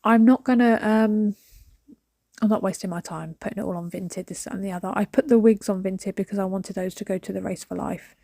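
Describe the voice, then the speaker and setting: A woman's voice: mid-range voice, fairly even intonation, fairly quick, creaky, dry recording. Chatty woman vlogging, dry sound. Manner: chatty, rambling, drops to a soft whisper at times. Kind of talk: casual chat while decluttering.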